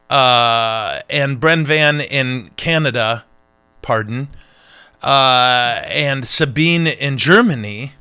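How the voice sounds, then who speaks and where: A man, a priest hosting a casual show, who jokes and rambles in an animated way. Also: medium pitch, drawn-out words, smooth, dry recording. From United States. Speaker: priest and podcast host. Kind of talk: casual chat.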